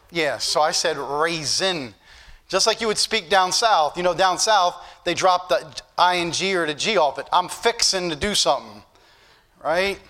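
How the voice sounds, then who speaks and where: A man's voice: a little high, sharp tone. A man preaching a sermon as pastor, folksy and joking at times, then building to emphatic points. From northern United States.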